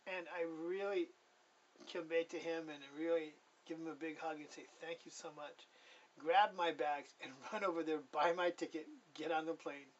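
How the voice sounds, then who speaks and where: A man's voice: fairly high pitch, fairly even intonation, normal speed, far from the mic, dull audio. A man telling his personal testimony in a casual, rambling way. He corrects himself often and chuckles as he goes.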